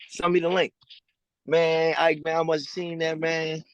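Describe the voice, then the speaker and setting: A man, a guest telling his story over a remote call in a casual, slangy way and acting out other people's lines in a higher voice. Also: steady tone, moderate pace, no echo, poor audio. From Louisiana. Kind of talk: storytelling interview. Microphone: remote call over a weak connection.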